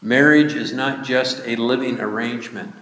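Man, preacher, measured sermon delivery, mid-pitched voice, roomy echo. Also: fairly even intonation, fairly bright tone. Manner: slow, deliberate preaching with emphatic rises. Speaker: pastor. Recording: echoey hall.

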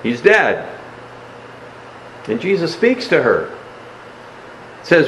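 A man preaching a sermon, explaining a Bible passage in a measured way and dropping his voice softly on key words. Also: a little high, wildly swooping pitch, roomy sound, a little hiss or hum, rough recording.

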